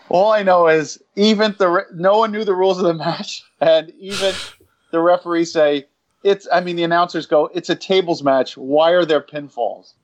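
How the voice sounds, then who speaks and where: A man co-hosting a podcast in loose, casual chat. His voice sits a little high, and he rambles with plenty of swearing and self-mocking asides. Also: steady tone, normal speed, slight background noise. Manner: rambling, profane, self-deprecating. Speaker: podcast co-host.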